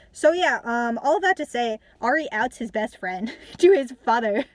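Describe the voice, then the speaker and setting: A woman's voice: fairly high pitch, expressive, moderate pace, hardly any pauses, dry recording. A young woman casually reviewing a book, ranting with lots of fillers and some swearing.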